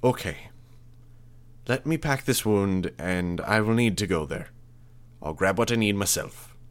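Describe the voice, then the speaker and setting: A man's voice: fairly low pitch, lively intonation, measured pace. A man voicing a clinical male medic with a hard-to-place accent who puts hard emphasis on syllables. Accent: hard-to-place foreign accent.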